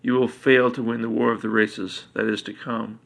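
A cold, arrogant boy god who calmly lays bare the secrets of others, read by a man in a storybook. The voice is flat and gravelly with a bright edge, and it stays level and measured. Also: mid-range voice. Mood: menacing.

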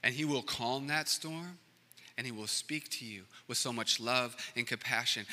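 A male pastor preaching a sermon, swinging from loud, rising passages to hushed near-whispers. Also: medium pitch, normal speed. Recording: reverberant hall with music behind.

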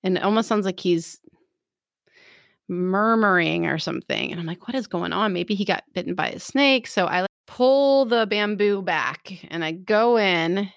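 Animated woman telling a story. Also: mid-range voice, moderate pace, vocal fry, dry recording, clean studio sound. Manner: animated storytelling, acts out quotes. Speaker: storyteller in a chat. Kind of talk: casual chat.

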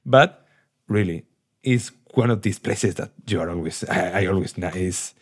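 Low-voiced Spanish-accented man, animated. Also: normal speed, slightly rough. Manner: animated, laughing, repeating words while searching for them. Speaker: podcast co-host. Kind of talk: casual chat.

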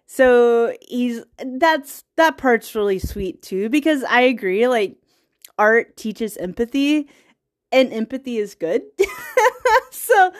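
A young woman eagerly retelling a film's plot in casual, rambling talk, laughing often and getting teary. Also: fairly high pitch. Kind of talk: casual movie recap.

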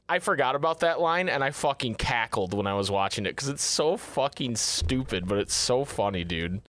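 A man's voice: normal speed, hardly any pauses, no room sound. Podcast guy gushing about a cartoon, swears a bunch, mid voice, dead dry mic. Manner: excited, swearing, acts out lines in a high put-on accent. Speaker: podcast co-host. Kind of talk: casual chat.

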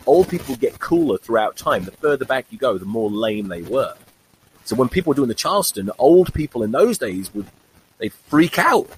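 A man's voice: mid-range voice, sing-song, normal speed, breathy edge, poor audio. A man in his forties hosting a podcast, telling a rambling, wry comic monologue and swearing freely. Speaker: podcast host. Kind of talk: comedic monologue.

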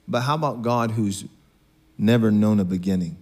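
A man's voice: fairly low pitch, normal speed, a little mellow. A man preaching a sermon in a conversational, joking way, acting out bits of dialogue. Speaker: pastor.

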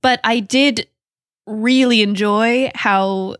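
Bubbly, higher-voiced female podcast co-host. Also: steady tone, slow pace, fairly bright tone, no room sound, studio quality. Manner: bubbly, enthusiastic, giggles between phrases. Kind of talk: casual chat.

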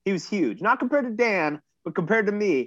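A man's voice: sits high, animated, brisk, fairly bright tone, no echo. A man in his thirties telling a rambling, self-mocking story in casual chat and swearing freely. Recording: dull lo-fi dry recording.

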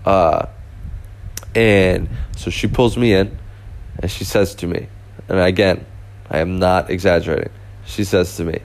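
A man's voice: low-pitched, steady tone, unhurried, pauses often. A young man casually telling a rambling story, full of fillers and restarts. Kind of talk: casual anecdote.

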